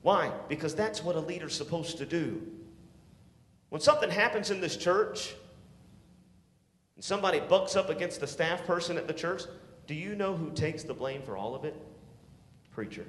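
A man preaching a sermon to teenagers, swinging from shouts to hushed tones and calling for responses. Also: a little high, animated, moderate pace, pauses often. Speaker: youth pastor. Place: church sanctuary. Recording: echoey hall.

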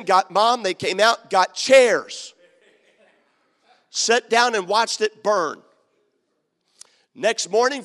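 A man's voice: high-pitched, a bit bright. A male pastor preaching a sermon, emphatic and repetitive, acting out the quotes in his story. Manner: emphatic, repeats key lines, acts out quotes. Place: church sanctuary. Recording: long hall reverb.

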